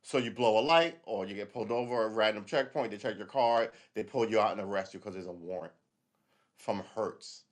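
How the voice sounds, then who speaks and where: A man's voice: fairly low pitch, fairly quick. A man hosting a livestream, delivering a casual, rambling monologue in a blunt, profane way. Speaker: livestream host.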